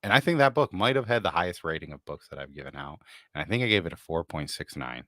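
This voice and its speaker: A man with a low voice hosts a casual chat. His pitch swings widely as he talks in a relaxed way. The recording is dry and close, with no room echo. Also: fast talker. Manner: relaxed, casual, with some swearing. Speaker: host.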